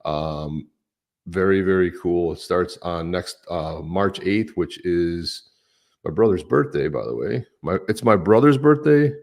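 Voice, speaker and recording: A man's voice: deep voice, lively intonation, measured pace, a little mellow. A man co-hosting a live stream, chatting casually and upbeat, greeting viewers by name. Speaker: podcast co-host.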